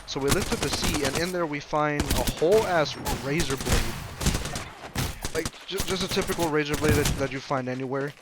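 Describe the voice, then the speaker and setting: A man's voice: a little high, normal speed, heavy background noise. A young man casually telling a personal story, rambling with lots of fillers and restarts.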